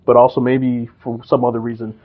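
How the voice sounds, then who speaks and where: A man hosting a casual sports interview, asking relaxed, teasing questions and answering with short acknowledgements. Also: medium pitch, a little fast, phone-quality sound. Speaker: host.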